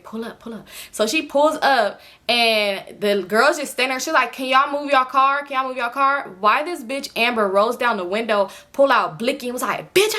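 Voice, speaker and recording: A young woman tells a story to camera in casual, slang-heavy chat, her voice bright and a little high. She talks fast and acts out her friends' lines, lifting her voice for each one. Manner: animated, acts out quoted friends in raised voices. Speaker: storytime vlogger.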